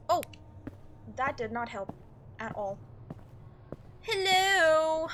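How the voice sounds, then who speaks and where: A woman playing a horror game on her channel, chatty, sarcastic and jumpy. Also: fairly high pitch. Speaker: gaming youtuber. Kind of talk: horror game let's play. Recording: noisy background.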